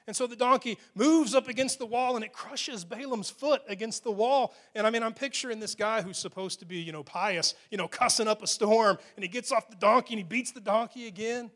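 A man preaching a sermon, retelling a Bible story in an animated, joking storyteller's way. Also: sits high. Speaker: pastor.

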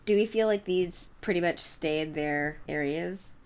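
A woman with a somewhat low voice chats on a podcast in a bubbly way and laughs often. She restarts her sentences as she thinks aloud. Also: measured pace, smooth. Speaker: podcast co-host. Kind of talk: casual chat.

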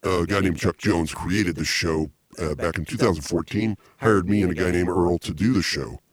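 A man hosting a comedy podcast, rambling excitably with many restarts. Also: low voice, moderate pace, slightly rough, no room sound. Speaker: podcast host.

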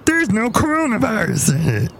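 A man's voice: high voice, wildly swooping pitch, moderate pace, vocal fry, background noise, voice pushed up, full character voice. A man voicing an overly cheery root beer maker who turns a little menacing, pushy and sing-song.

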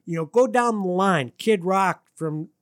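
A man's voice: unhurried, dry recording, studio quality. A man from Detroit, a musician guest, telling stories in a casual interview, jumping his voice up for quoted lines. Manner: animated storyteller, swings his voice up high for quoted lines.

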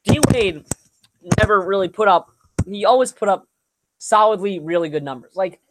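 A man's voice: high-pitched, moderate pace, slight background noise. Young man chatting casually about sports. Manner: relaxed, rambling with fillers and restarts. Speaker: podcast co-host.

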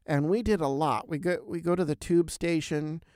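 A man hosting a podcast, telling a travel story in a lively, animated way with big swings in pitch and loudness. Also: normal speed, no room sound, studio quality. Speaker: podcast host. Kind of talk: casual storytelling chat.

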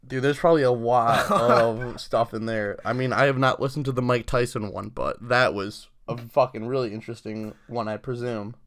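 A young man co-hosts a casual podcast, trading loose, profane banter and laughing often. His voice is smooth and clear, sitting at a middle pitch. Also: steady tone, normal speed, few pauses, fairly bright tone. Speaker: podcast co-host.

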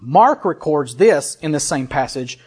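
A man with a high, light voice preaching a sermon. He reads scripture aloud with emphasis, then breaks off into casual, conversational comments to his congregation. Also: animated, measured pace, darkish tone, breathy edge. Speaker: pastor.

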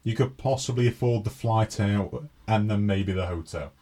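A man with a warm, lowish voice and a moderate pace co-hosts a casual podcast. After reading out a news story, he banters with his co-host and plays out comic skits.

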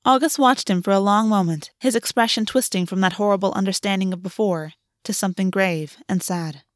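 A woman narrating a fantasy story in a measured, expressive way. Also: medium pitch, no room sound, studio quality. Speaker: audiobook reader.

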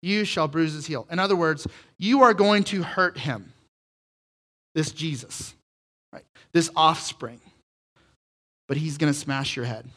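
A man preaching a sermon, animated and building to loud peaks when he gets excited. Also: fairly high pitch, slow pace, long pauses. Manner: animated, rising to near shouts when excited. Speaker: pastor.

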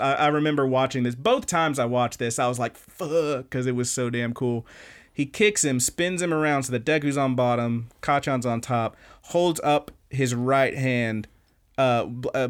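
A young man hosting a podcast, recapping anime episodes in a casual, animated way, swearing often and acting out lines. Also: medium pitch. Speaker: podcast host.

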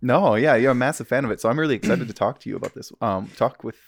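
A man's voice: mid-range voice, fast talker, vocal fry, no echo, studio quality. A man in his thirties hosting a casual podcast chat, joking and self-deprecating, laughing often. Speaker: podcast host.

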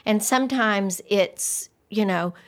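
A woman's voice: medium pitch, slow pace. An older woman, co-hosting a casual podcast chat, talking reflectively and laughing easily. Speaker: podcast co-host.

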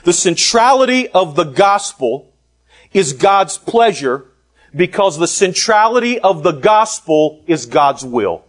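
Slow, high-voiced male preacher. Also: very animated. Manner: deliberate, emphatic preaching with long pauses. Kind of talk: sermon.

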